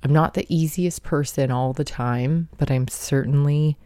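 Woman host, mellow voice, dry close sound, reflective motivational talker. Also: deep voice, fairly even intonation, a little slow, dry recording. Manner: reflective, earnest, self-help tone. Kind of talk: motivational monologue.

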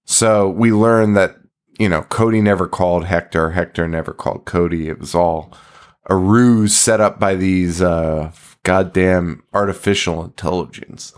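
A man's voice: low-pitched, steady tone, measured pace. A man co-hosting a podcast, recapping a film's plot in casual chat, laughing and swearing gleefully. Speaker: podcast co-host. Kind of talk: casual movie-review chat, retelling plot.

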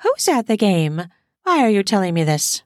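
A woman's voice: mid-range voice, big pitch swings, normal speed, no echo, clean studio sound, natural voice. A woman voicing a scheming, commanding woman in an erotic audio story, speaking firmly and seductively. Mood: demanding. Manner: demanding, firm, seductive.

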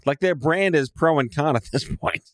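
A man co-hosting a podcast in casual chat, joking with quick wisecracks. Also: a little high, animated, no echo, studio quality. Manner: joking, quick wisecracks, plays silly voices. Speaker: podcast co-host.

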